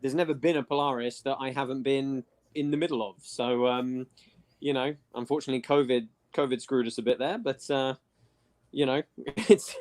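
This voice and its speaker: A man's voice: medium pitch, fairly even intonation, moderate pace, darkish tone. An Englishman with a standard newsreader accent, a broadcaster and guest, chatting casually and laughing easily. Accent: standard southern English, newsreader style. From England. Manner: self-deprecating, laughs easily. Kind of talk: casual chat.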